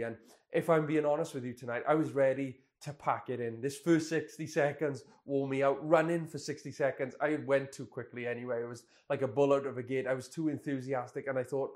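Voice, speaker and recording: A man's voice: mid-range voice, fairly even intonation, a little fast, a little mellow. A man in his twenties, a pastor telling a candid, self-deprecating personal story in a sermon. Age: 20s.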